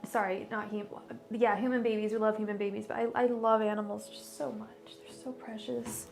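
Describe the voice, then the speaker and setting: A woman's voice: mid-range voice, level tone, fairly quick, gravelly, darkish tone, faint music behind. A woman doing a casual livestream as a tarot reader, talking in a bubbly, gushing, giggly way with lots of fillers.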